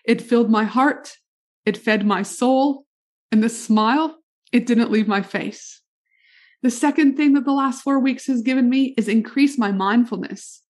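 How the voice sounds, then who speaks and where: An enthusiastic middle-aged woman hosting a solo podcast, speaking straight to the listener with upbeat energy. Her voice sits a little high. She talks like a business coach sharing her story. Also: measured pace. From Canada.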